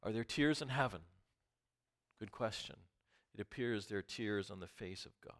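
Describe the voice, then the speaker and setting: A man preaching a sermon who reads scripture and questions his listeners, dropping to a whisper and then rising to loud outbursts. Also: lowish voice, moderate pace, pauses often. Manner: swings from hushed whispers to loud impassioned outbursts.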